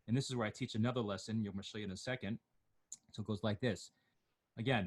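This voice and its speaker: A man teaching an online class, slowly chanting Torah words and notes, then explaining them in quick, joking asides. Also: fairly low pitch, fairly even intonation. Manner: jokey, asks questions of the class.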